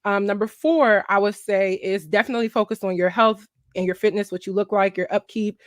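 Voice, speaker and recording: A woman's voice: medium pitch, fairly even intonation, fairly quick, dry recording, studio quality. Chatty young woman giving frank advice. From Philadelphia, USA. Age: 20s. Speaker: vlogger. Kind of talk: casual advice chat.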